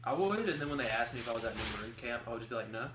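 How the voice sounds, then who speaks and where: A man's voice: medium pitch, animated, rapid-fire. Young male co-host, casual rambling chatter, recorded from a distance in a roomy space with faint hiss. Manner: rambling, chatty storytelling with many likes. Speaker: podcast co-host. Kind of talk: casual chat.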